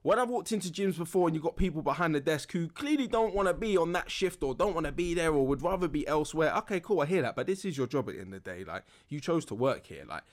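A young man hosting a relaxed solo podcast, rambling with lots of fillers and laughing now and then. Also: fairly high pitch, fast, few pauses. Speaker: podcast host.

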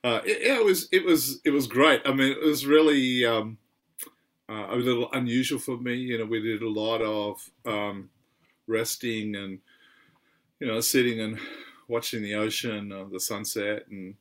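An Australian man co-hosting a podcast in casual chat, halting, with many fillers and restarts. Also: mid-range voice, fairly bright tone. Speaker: podcast co-host.

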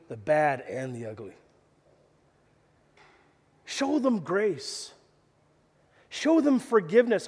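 A middle-aged man preaching a sermon as pastor, telling stories in an animated way and acting out the quotes. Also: high voice, in a large hall. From Canada. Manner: animated storytelling, acts out quotes. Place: church service.

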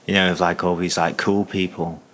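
A man's voice: low voice, little pitch movement, normal speed, a bit bright, a little hiss or hum. A man co-hosting a comedic chat, rambling with many fillers and restarts. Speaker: podcast co-host.

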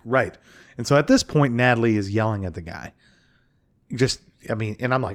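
A man in casual podcast chat, telling a story with lively energy. He acts out each quote and swears freely. His voice sits at a middle pitch. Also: normal speed. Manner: animated, acts out quotes with profanity. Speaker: podcast co-host.

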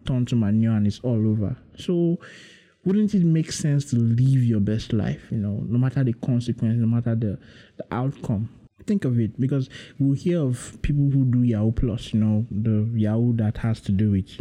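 A man hosts his own podcast, thinking aloud in a loose, rambling way. His voice is very dark and mellow, sitting at an ordinary middle pitch. He keeps circling back with "you know" as he muses. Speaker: podcast host. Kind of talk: casual solo podcast monologue.

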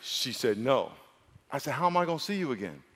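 A pastor from New York preaching a humorous sermon, acting out dialogue between stories. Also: male voice, very animated, brisk, fairly bright tone, slight background noise. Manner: storytelling, acts out dialogue with big pitch swings and laughs. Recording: long hall reverb.

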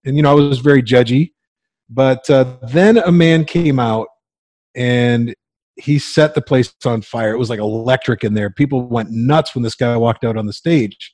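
Forties male guest, animated storyteller, mid pitch, close and dry. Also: normal speed, no room sound. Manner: lively storyteller, acts out quoted voices, laughs often. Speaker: guest, coach and agency owner.

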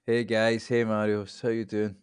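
A man in his fifties, a podcast guest, explaining things in a relaxed, rambling casual chat. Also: on the low side, moderate pace, smooth, no room sound, studio quality. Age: 50s.

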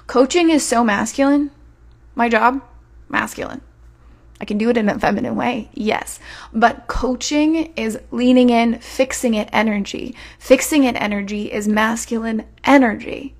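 A woman's voice: a little high, moderate pace. A woman hosting a podcast as a relationship coach, talking in a casual, emphatic way and acting out quoted voices.

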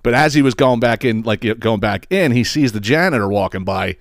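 A man's voice: medium pitch, lively intonation, fairly quick, no room sound, clean studio sound. A man hosting a podcast, telling a joke in a rambling, profane, laughing way. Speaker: podcast host. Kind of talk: casual comedic storytelling.

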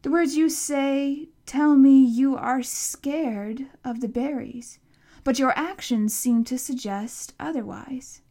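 A woman plays an ancient tree monster in a storybook reading, huge and proud, speaking slowly and gravely. It pitches its voice a little lower than the narration around it and expects to be obeyed. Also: dark tone, heavily acted. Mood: puzzled. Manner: slow, grave and commanding. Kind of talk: audiobook character reading.

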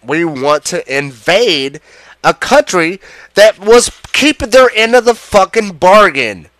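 A man delivers an angry political rant, heavy with profanity and sarcasm. His voice sits somewhat high and swings widely as he gets worked up. The sound is dry and close. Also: animated, slow, fairly bright tone, no echo.

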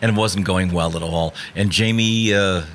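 A man with a lowish voice talks through his own stand-up stories in a relaxed, conversational way. He often answers his guest with quick agreement. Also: slight background noise. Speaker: comedian. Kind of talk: casual chat.

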